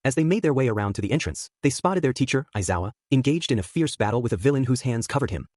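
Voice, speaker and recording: Man narrating a fan story briskly. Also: mid-range voice, animated, darkish tone, no room sound, studio quality. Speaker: fan fiction reader.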